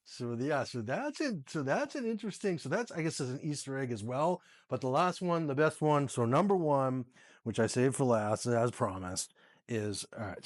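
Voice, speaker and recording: Chatty man demoing smart speakers. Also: medium pitch. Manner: chatty, laughs often, restarts phrases. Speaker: tech video host. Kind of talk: casual tech demo. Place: home room with smart speakers.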